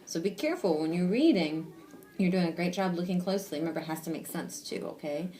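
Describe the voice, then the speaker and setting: A patient woman teacher giving a one-on-one reading lesson, coaxing a child along with gentle questions. She slows right down to stretch out sounds piece by piece and keeps her praise steady. Her voice sits somewhat low for a woman. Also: slight background noise. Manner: patient and encouraging, sounds out words slowly and asks guiding questions.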